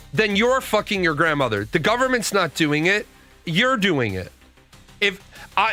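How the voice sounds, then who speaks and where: A man's voice: sits high, pushed and bright. A middle-aged man giving blunt, profane opinions in casual commentary, answering his viewers' comments as a show host. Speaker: podcast host.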